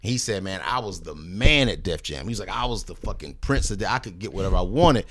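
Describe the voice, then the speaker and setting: Speaking fast with a low voice, lively intonation, and a fairly bright tone, a man who is a recording artist spins a long, casual podcast story. He's profane and relaxed, impersonates the people he quotes, and keeps adding "you know what I mean." There's no echo on the recording.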